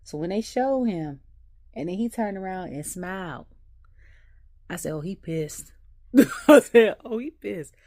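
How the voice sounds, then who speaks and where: A woman vlogging a casual wrestling recap at home, an animated storyteller who laughs often. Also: medium pitch, measured pace, pauses often, no echo, clean studio sound. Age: adult.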